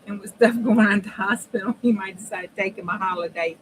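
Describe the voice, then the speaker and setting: A fast-talking woman with a mid-range voice hosts a relaxed crafting livestream, chatting and thinking out loud while she works and occasionally dropping almost to a whisper. The background is noisy.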